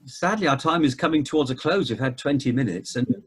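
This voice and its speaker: A man, a cathedral dean, hosting a casual interview, speaking haltingly and repeating words as he goes. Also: mid-range voice, animated, husky. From not from Cornwall.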